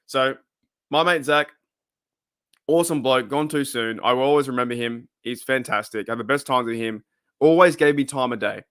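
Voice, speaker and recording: A man's voice: mid-range voice, normal speed, fairly bright tone, clean tone, no echo, studio quality. A young Australian man chatting casually on his channel, rambling off on tangents and chuckling often. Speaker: channel host. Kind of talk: casual live-stream chat.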